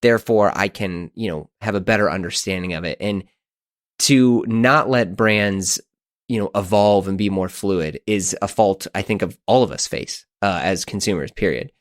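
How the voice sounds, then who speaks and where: Low-voiced man telling a story. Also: normal speed, no room sound, clean studio sound. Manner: animated, exasperated, self-mocking storyteller. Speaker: podcast host. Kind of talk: casual storytelling monologue.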